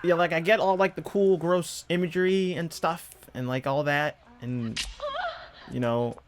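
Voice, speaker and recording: A man's voice: fairly high pitch, steady tone, unhurried. A man giving casual movie reaction commentary, incredulous and rambling with exasperated asides. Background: movie audio playing.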